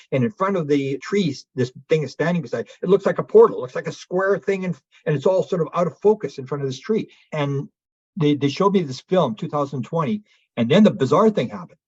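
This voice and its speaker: A UFO researcher appears as a guest on an interview show, animatedly spinning a lengthy tale and raising his voice to play the witnesses he quotes. His medium-pitched voice is a little mellow with a breathy edge, and the dry recording sounds dull.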